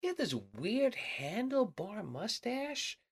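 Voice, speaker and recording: A man co-hosting a podcast in casual chat, animated and swearing freely. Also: extremely high pitch, slow, creaky, breathy edge. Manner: profane and animated. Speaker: podcast co-host.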